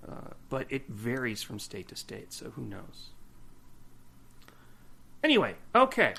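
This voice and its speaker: A man's voice: mid-range voice, huge pitch swings, a little slow, creaky, bright, forceful tone, a little hiss or hum. A man in his forties co-hosting a podcast, chatting casually with a teasing, mock-stern manner. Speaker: podcast co-host. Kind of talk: casual chat.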